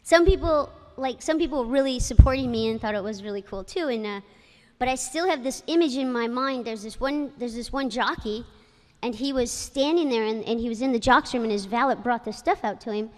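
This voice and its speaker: A woman's voice: fairly high pitch, fairly quick. A woman giving a personal ceremony speech, telling stories in a chatty way with many fillers. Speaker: inductee speaker, former jockey. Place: ceremony hall. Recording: long hall reverb.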